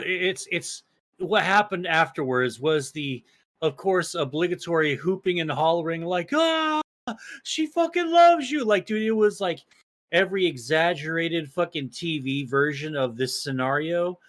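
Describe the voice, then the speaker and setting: A young man with a slightly high voice chats on a podcast. He tells long stories full of swearing, restarts and fillers, and he keeps circling back to his point. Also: a little slow, fairly bright tone. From small town. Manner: profane, rambling storytelling with many restarts. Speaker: podcast co-host. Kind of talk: casual podcast chat.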